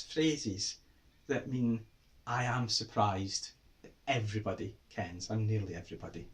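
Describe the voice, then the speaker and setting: A man with a Scottish accent giving a playful lesson to children, with animated, exaggerated exclamations. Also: on the low side, unhurried, pauses often. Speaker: writer teaching children.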